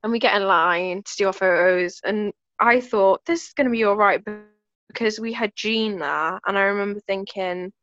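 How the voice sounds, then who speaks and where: A woman's voice: medium pitch, moderate pace, a bit bright, dull audio. A young woman co-hosting a podcast, telling a story in a rambling, giggly way and saying "like" a lot. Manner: giggly, rambling, heavy use of "like". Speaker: podcast co-host. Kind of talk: casual storytelling chat.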